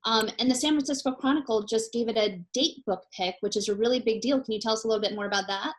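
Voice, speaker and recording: A woman's voice: a little high, fast. A woman hosting an interview, asking questions and thanking her guest in a polite, upbeat way. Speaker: host.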